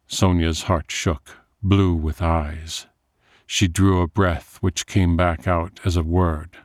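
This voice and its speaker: A man narrating a dark story in a measured, atmospheric way. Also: deep voice, little pitch movement, dry recording, studio quality.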